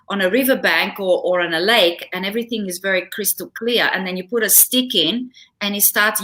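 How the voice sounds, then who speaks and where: A middle-aged woman guest, a relationship coach, talks through personal stories in a casual interview. Her voice is bright and ringing, and she laughs easily as she goes. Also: mid-range voice. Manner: animated storytelling, laughs often.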